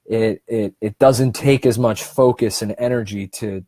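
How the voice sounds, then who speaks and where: A man giving a casual self-help seminar on breathing, talking in a conversational, encouraging way, often restarting sentences and slowing down on key points. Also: fairly low pitch, fairly even intonation, warm tone, no room sound. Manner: conversational and encouraging, with frequent restarts and slow, deliberate stretches.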